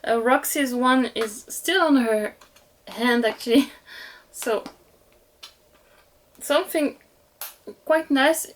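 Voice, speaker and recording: A woman's voice: high voice, slow pace, long pauses. A young woman with a French accent, chatting casually and gushing as she unboxes dolls for her viewers. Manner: gushing, giggly, talks to viewers. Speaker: doll collector vlogger.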